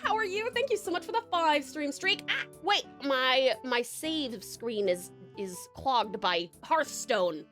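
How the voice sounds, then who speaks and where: Bubbly high-voiced Australian woman streamer. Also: expressive, slow, over music. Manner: bubbly, giggly, rambling with many fillers. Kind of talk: casual live-stream chat.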